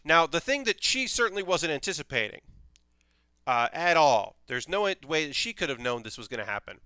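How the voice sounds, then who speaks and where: A young man chatting casually on a livestream, recapping anime in an animated way and swearing freely. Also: fairly high pitch, normal speed, clear, resonant tone, no room sound. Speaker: streamer reviewing anime.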